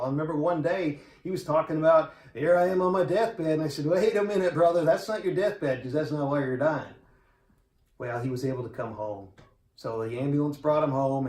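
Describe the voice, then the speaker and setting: A man in his forties giving a funeral eulogy for a close friend, telling the story in a quiet, heartfelt, conversational way. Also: mid-range voice. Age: 40s. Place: church sanctuary. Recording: roomy echo of a church.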